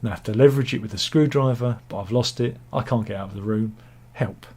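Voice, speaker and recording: A man's voice: mid-range voice, fast talker, darkish tone, breathy edge. A British man in a cold room at home, reading viewer comments aloud in a rambling, joking, self-mocking chat. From Britain. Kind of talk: casual chat.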